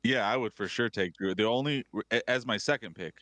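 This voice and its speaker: A man's voice: fairly low pitch, a little fast, bright, forceful tone, no echo. A man co-hosting a casual sports podcast, talking hesitantly and often restarting his sentences. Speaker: podcast co-host.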